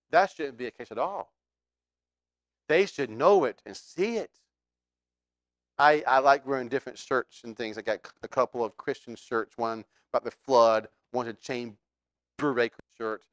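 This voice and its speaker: A man's voice: medium pitch, moderate pace, dry recording. A man preaching a sermon as pastor, talking conversationally and asking the congregation questions.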